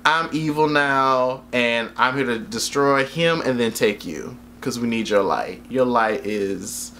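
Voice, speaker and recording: A man voicing an evil little boy who speaks in a slow, low, drawn-out menacing way. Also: pushed and bright, a little hiss or hum.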